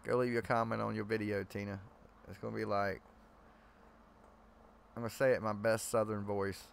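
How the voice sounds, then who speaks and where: A young man hosts a live chat stream, rambling from one story to the next in loose, slangy talk. His voice has a gravelly, rough edge, and he jokes with his viewers as he goes. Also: fairly low pitch, level tone, fairly quick, a little hiss or hum.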